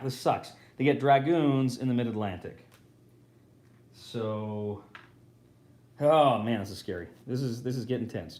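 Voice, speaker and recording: Man, mid-pitched, casual live board game host, self-correcting, roomy echo.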